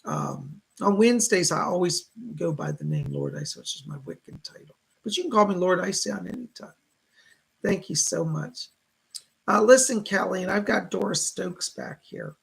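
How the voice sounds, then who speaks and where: A man's voice: high voice, huge pitch swings, normal speed, creaky, a bit bright, husky, poor audio. A man hosting live-stream psychic readings. He reads viewer messages aloud and relays spirit messages. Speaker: psychic reader, show host.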